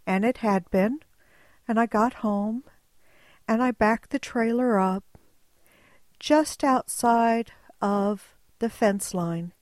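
Woman storyteller, unhurried, wry and animated, bone-dry close sound. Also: on the high side, no echo. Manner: wry, animated, slow and deliberate. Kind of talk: personal storytelling.

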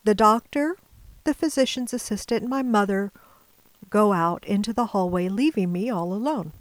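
Slow, deliberate woman storyteller. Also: mid-range voice, no room sound, low-quality recording. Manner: measured, deliberate, at times dropping to a whisper. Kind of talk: personal storytelling.

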